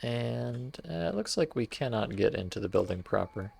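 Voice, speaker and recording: A man's voice: medium pitch, animated, normal speed, gravelly, a little mellow, breathy edge. A man streaming a game, giving wry, playful commentary to his chat as he explores. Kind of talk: casual gameplay commentary.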